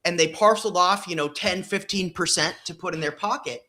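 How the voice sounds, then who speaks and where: A man's voice: high voice, brisk, sharp tone. A man in casual podcast discussion, talking emphatically with frequent fillers and blunt profanity.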